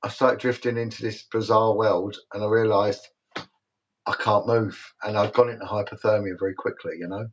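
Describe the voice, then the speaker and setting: A man's voice: on the low side, flat delivery, moderate pace, rough recording. Emphatic middle-aged British man. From Britain. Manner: emphatic, repetitive, rambling storyteller. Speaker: guest, retired detective. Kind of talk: casual livestream interview talk.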